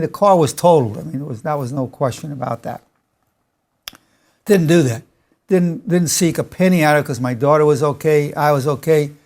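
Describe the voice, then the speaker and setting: Older male psychologist, confident lecturer, gravelly tone, emphatic delivery. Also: on the high side. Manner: emphatic, self-assured, anecdotal. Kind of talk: motivational lecture.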